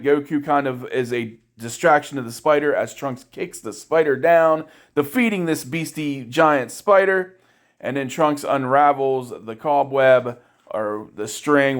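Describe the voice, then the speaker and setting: A man recaps an anime episode in a loose, conversational way. He tells it irreverently, drops crude jokes along the way, and briefly voices the characters without fully acting them. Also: medium pitch. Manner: irreverent, jokey retelling with crude asides. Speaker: anime reviewer.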